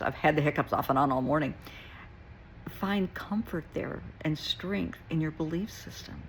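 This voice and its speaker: Gravelly older woman, folksy advice. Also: deep voice, a little hiss or hum, poor audio. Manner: folksy, calls listener honey; plain-spoken, reassuring. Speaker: therapist. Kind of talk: casual spiritual advice talk.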